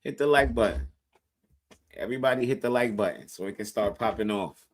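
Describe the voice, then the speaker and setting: A man's voice: on the low side, a little fast. A man live streaming in casual chat, profane and hyped, pushing his viewers.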